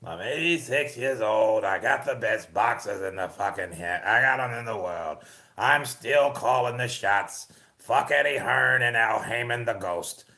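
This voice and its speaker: A man impersonating a boastful elderly boxing promoter, speaking slowly and gloatingly. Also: mid-range voice, gravelly, bright, forceful tone. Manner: slow, gloating, swaggering.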